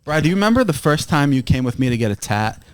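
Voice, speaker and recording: A man in a middle-pitched voice ribs his co-hosts, cursing casually and laughing, with a lively, varied delivery. The mic is close and the sound dry. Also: fast, smooth, dry recording. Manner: teasing, laughs often, swears casually. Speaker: podcast co-host. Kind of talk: casual banter.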